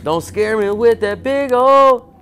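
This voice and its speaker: Faint music plays behind a slow-talking man doing casual let's-play commentary on a horror game. He's jokey, chatting to the game character and repeating silly chants, and he swings from low mutters to loud startled yelps.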